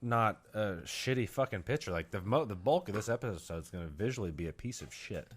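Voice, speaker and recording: A man's voice: lowish voice, expressive, brisk. A man co-hosting a casual podcast who talks bluntly, grumbles and swears heavily. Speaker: podcast co-host. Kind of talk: casual chat.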